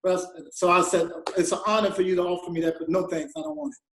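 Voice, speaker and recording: An animated male interview guest with a high voice, spinning a story and acting out the people in it. The sound rings a little in an echoey room, and he often breaks into laughter between lines. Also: racing, slight background noise. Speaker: guest musician.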